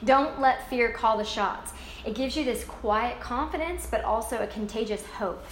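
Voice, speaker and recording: A woman's voice: fairly high pitch, moderate pace. Gushing woman in an echoey room. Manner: gushing, enthusiastic storytelling. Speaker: book recap speaker. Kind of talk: casual book recap. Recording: roomy echo, faint ambient noise.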